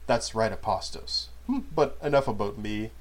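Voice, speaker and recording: A man's voice: fairly low pitch, normal speed, close to an everyday voice. A man voicing a mocking, cruel male outcast in a story reading, with a sneering, theatrical delivery.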